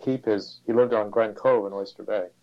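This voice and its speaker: An older man recalling weekend sailing trips in a casual, halting way. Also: lowish voice, steady tone. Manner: halting, hesitant storytelling. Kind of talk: casual reminiscing. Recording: dull lo-fi recording.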